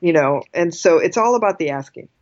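A woman guest telling a personal story in casual conversation, animated and quick to laugh, often restarting her sentences. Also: lowish voice, highs cut off.

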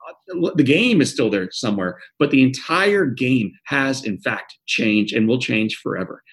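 A man's voice: mid-range voice, lively intonation, measured pace, a bit bright. A man in his forties, an author being interviewed, who answers with earnest, vivid anecdotes and often repeats words. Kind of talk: interview conversation.

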